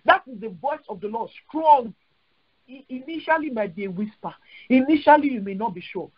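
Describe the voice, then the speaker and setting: A woman's voice: fairly high pitch, animated, moderate pace, breathy edge. A Nigerian woman pastor leading a prayer call, preaching with fervent, repetitive declarations and praying in tongues. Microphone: phone dial-in. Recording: dull lo-fi phone call audio.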